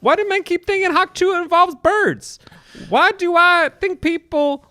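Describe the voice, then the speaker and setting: A man's voice: extremely high pitch, measured pace, bright, forceful tone, no echo, studio quality, exaggerated voice. A man voicing a drunk, scatterbrained young woman influencer in a comedy script read, stumbling over words and laughing through lines. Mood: indignant.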